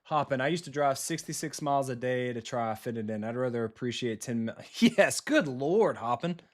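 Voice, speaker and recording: This man talks quickly in a steady, medium-pitched voice. As a streamer and football coach, he provides casual live commentary on a football video game he's playing, cursing openly and replying to viewers.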